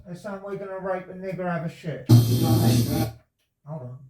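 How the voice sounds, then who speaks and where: A man's voice: high-pitched, moderate pace, recorded from a distance, loud music behind the voice. A man at home talking insistently to a visitor, rambling and repeating himself. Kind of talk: casual conversation. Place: indoors at his home. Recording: echoey room, off-mic, faint noise.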